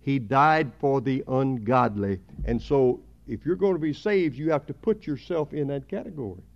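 A man preaching a sermon at a church service, emphatic, swelling louder on key words. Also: mid-range voice, lively intonation, normal speed, gravelly. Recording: dull lo-fi sermon recording.

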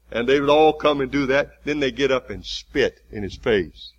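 A man preaching a sermon, retelling a story vividly with halting restarts. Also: mid-range voice, no echo, dull audio.

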